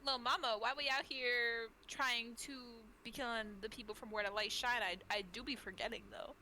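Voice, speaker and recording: A woman's voice: fairly high pitch, steady tone, normal speed, bright, forceful tone, slight background noise, rough recording. A woman doing a sassy slangy mouse. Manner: sassy street-slang banter.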